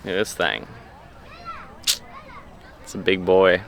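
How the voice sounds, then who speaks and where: A man talking casually to the camera as a fitness vlogger, explaining in a relaxed way with lots of fillers, outdoors at a farm orchard. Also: sits low, takes it slowly, vocal fry, a little hiss or hum. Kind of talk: casual vlog talk to camera.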